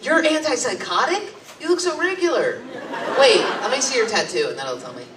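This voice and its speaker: A woman's voice: mid-range voice, wildly swooping pitch, a little fast, background noise. A young woman doing a stand-up set with crowd work, brash, crude and blunt. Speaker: stand-up comedian. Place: comedy club stage with a laughing audience. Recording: roomy live club recording from far off.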